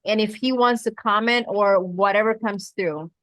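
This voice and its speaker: Soft-spoken woman host, dry sound. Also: mid-range voice, moderate pace, no room sound. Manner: asks questions with soft hesitant fillers. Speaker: host interviewer. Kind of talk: casual video-call interview.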